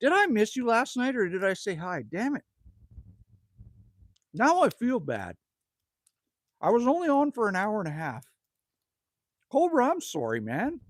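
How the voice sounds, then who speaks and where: A man's voice: high-pitched, huge pitch swings, unhurried, pauses often, no echo. A middle-aged man from Canada hosting a casual live stream outdoors at his rural cabin, ranting, joking and greeting viewers by name. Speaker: livestream host.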